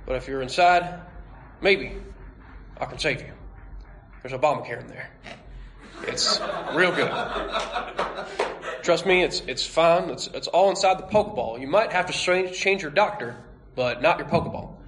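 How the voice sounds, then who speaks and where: A man playing a young trainer as a calm, halting politician impression at a live comic script read. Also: a little high. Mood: earnest. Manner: slow, halting speechmaker cadence.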